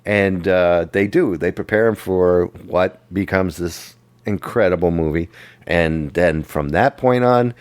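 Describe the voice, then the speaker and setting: A man with a very low voice, talking casually on a movie podcast. He meanders through the story and makes fun of himself as he goes. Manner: rambling, self-mocking recap with quick jokes. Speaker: podcast co-host.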